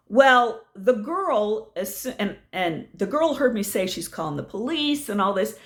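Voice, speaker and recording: A middle-aged woman hosting a vlog, telling a story in an indignant, animated way. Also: fairly high pitch, moderate pace, hardly any pauses. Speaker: channel host.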